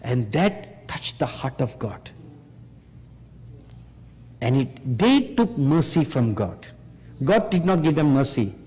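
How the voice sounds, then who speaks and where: Slow, husky-voiced man preaching in a hall. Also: medium pitch, big pitch swings, warm tone. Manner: slow, emphatic, rising rhetorical questions to the audience. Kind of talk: sermon. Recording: long hall reverb.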